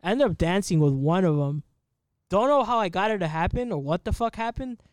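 Young guy in his 20s with a high voice rambling thru a wild night story, lots of swearing, dry close sound. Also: lively intonation, fairly quick, no room sound. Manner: rambling, profane, laughs at himself. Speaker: podcast co-host telling a story. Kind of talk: casual storytelling chat.

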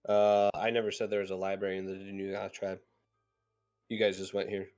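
A man's voice: low-pitched, completely flat delivery, a little fast, a little mellow, faint music behind. A man narrating a tabletop game as game master, loose and hesitant, with lots of filler words.

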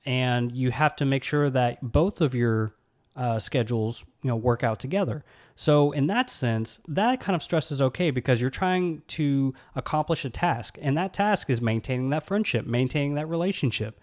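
Male podcast host, mid-pitched, loose and chatty advice talk. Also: moderate pace, a little mellow. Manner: conversational, many "you know" and "right?" fillers.

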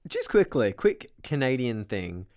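A man interviewing a teenager in a casual chat, upbeat with quick reactions. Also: medium pitch, sing-song.

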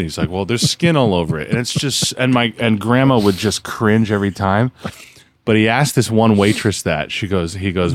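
Man, podcast host, casual chat, relaxed anecdotes, lowish voice, dry sound. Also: brisk, no room sound.

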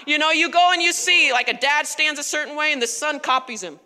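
Woman preaching at church, high bright voice, chatty and emphatic, big echoey hall. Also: a little fast. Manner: animated, emphatic, conversational. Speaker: pastor. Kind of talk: sermon. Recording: long reverb of a large hall.

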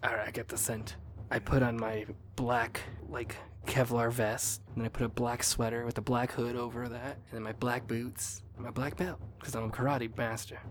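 A man's voice: mid-range voice, level tone, normal speed, a little hiss or hum, close to an everyday voice. A man playing a talking snake sidekick who is also a karate master, laid-back and agreeable, in an improvised comedy role-play. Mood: eager.

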